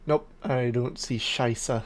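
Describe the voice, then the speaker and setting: A man's voice: mid-range voice, steady tone, measured pace. A man chatting casually on his game stream, playful and teasing, breaking into bursts of mock outrage. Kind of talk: casual gaming stream chat.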